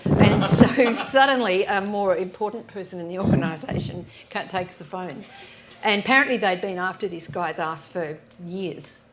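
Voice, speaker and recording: Brief: woman author, lively storyteller on stage, mid-pitched voice, faint noise behind. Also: normal speed. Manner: lively anecdotes, acting out voices with frequent restarts. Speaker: author on a festival panel. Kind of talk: storytelling on a live panel. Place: live event stage.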